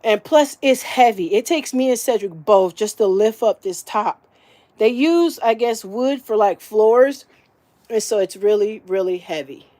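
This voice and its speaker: Walking and filming, a woman who appears to be a grandmother tours her little camper in a cozy, talkative style, repeatedly reaching for the word "little." Her voice leans high and sounds mellow.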